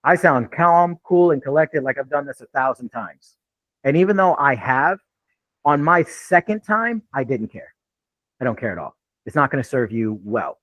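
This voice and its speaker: A man's voice: medium pitch, lively intonation, normal speed, a bit bright, no room sound, low-quality recording. A man giving an unscripted real estate training talk in a blunt, laid-back way with frequent swearing.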